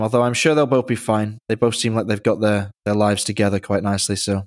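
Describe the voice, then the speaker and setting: A man's voice: on the low side, flat delivery, fast talker. A man with an English accent hosting a podcast, joking in a dry, self-mocking way. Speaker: podcast host. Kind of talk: casual podcast banter.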